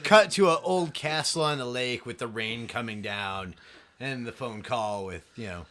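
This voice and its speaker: A man's voice: medium pitch, normal speed, bright, forceful tone, slight background noise. A man co-hosting a casual bad-movie podcast, mostly chiming in with short corrections. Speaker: podcast co-host. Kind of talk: casual movie-review chat.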